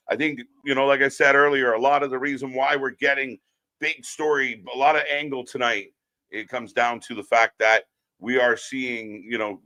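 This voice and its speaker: Male live-stream host, bright, forceful tone, loose profane rambling banter. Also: mid-range voice. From outside Ireland, Scotland and Britain. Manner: rambling, profane, jokey, reads chat aloud. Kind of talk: casual live stream chat reacting to wrestling and chat comments.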